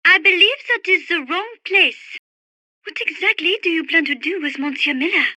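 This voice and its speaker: Gentle French bird lover, high bright voice, dry game-radio read. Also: female voice, moderate pace, no room sound, exaggerated voice. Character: refined young French woman birdwatcher, gentle and dreamy. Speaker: radio support character.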